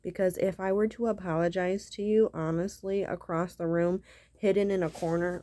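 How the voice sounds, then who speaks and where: A woman's voice: fairly low pitch, steady tone, moderate pace, dark tone. A woman telling a story to her viewers as an angry rant, swearing constantly and repeating herself. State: irritated. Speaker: vlogger.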